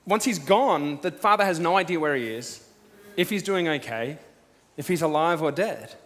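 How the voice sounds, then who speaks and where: A pastor giving a sermon as casual storytelling, swinging from loud to hushed. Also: male voice, a little high, lively intonation, normal speed. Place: church auditorium. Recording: long hall reverb.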